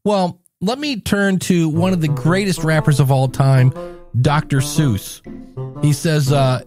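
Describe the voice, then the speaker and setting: A man's voice: a little high, measured pace, over music. Upbeat chatty man, podcast host. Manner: chatty, jokey, acts out little scenes. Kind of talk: solo podcast talk.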